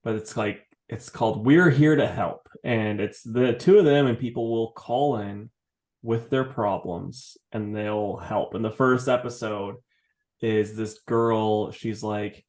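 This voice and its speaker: A man's voice: on the low side, slow pace, darkish tone. A man co-hosting a podcast, telling stories animatedly, laughing a lot and swearing casually. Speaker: podcast co-host. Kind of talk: casual chat.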